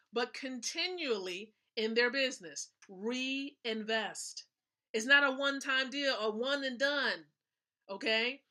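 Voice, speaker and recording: In a fairly high, sharp voice and at a slow pace, a woman hosts a live stream with a motivational business talk. She is emphatic, repeats her points and keeps checking in with her audience.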